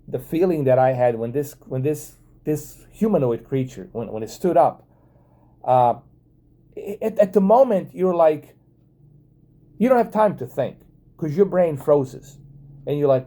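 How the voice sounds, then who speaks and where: Casual vlogger man, dark mellow tone, excitable and profane storytelling. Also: on the high side, a little slow, long pauses. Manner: excitable, profane, many fillers and restarts.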